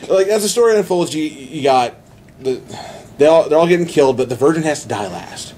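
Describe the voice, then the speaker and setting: A man in casual podcast chat, retelling a movie plot excitedly with many restarts. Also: fairly high pitch, a little fast, slight background noise. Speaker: podcast host.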